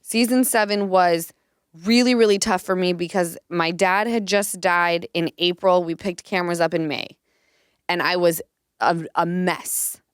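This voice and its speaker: A woman's voice: on the low side, unhurried, smooth, no echo, studio quality. A woman in her thirties hosting a podcast, telling candid stories in casual chat with lots of "like" fillers. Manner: candid, animated storytelling with frequent "like". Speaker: podcast host.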